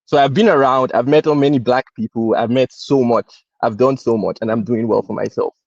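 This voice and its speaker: A man's voice: mid-range voice, brisk, vocal fry, darkish tone, no room sound. A man from Canada speaks hesitantly on a livestream panel, with many fillers and restarts. His audio is dull and dry. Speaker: guest. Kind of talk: casual livestream panel talk.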